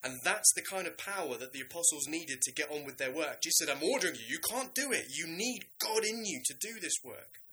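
A man preaching a sermon in a lively, conversational way, now and then acting out the voices of biblical figures. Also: on the high side, fairly quick, few pauses, a little hiss or hum, poor audio.

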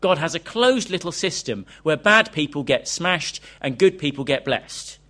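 A man's voice: a little high, lively intonation, moderate pace, sharp tone. A man preaching a sermon, earnest and questioning, reading a quoted interview aloud to his congregation.

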